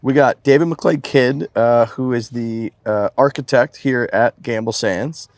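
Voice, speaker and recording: A man hosting a golf podcast in casual chat, halting and chatty. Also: medium pitch, a little mellow, no echo. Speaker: podcast host.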